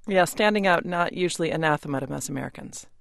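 A radio interviewer narrating scripted introductions and asking questions with a crisp, wry delivery. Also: medium pitch, quick pace, a bit bright, no echo, clean studio sound.

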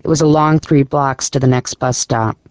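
A man narrating an audiobook story in a measured, descriptive storytelling manner. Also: medium pitch, smooth, no room sound. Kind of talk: scripted narration.

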